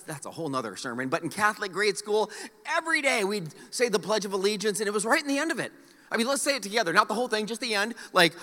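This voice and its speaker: A middle-aged male pastor with a high, sharp voice preaches a sermon in a large church hall, telling stories and joking with the congregation. The recording carries a long hall reverb.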